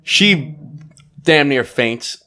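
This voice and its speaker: A man's voice: mid-range voice, expressive, pushed and bright, a little hiss or hum. A man co-hosting a podcast, chiming in and encouraging the storyteller in casual chat. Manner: encouraging, quick interjections. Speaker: podcast co-host.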